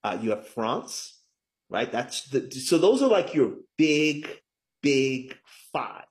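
A middle-aged man talks through a casual interview as a guest, explaining things in an easy, chatty way. He leans hard on key words and keeps checking in with the listener. His voice sits at an ordinary pitch. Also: big pitch swings, takes it slowly. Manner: chatty, lots of "right?" tags, emphatic. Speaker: guest, author.

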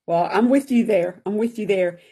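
Husky, mellow-voiced woman host. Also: mid-range voice, normal speed. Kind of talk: interview hosting.

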